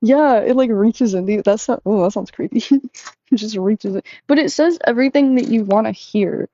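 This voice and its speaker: A young woman talking casually and candidly to her audience, full of fillers, who jumps up in pitch when she acts out quoted lines. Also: normal speed, dark tone, no room sound, lo-fi sound. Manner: chatty, lots of "like", acts out quotes in a higher voice. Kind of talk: casual confessional chat.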